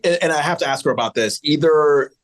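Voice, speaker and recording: A man's voice: on the high side, fast. A man in his twenties co-hosting a podcast, chatting casually and with animation as he recaps a sitcom episode, laughing often. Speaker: podcast co-host.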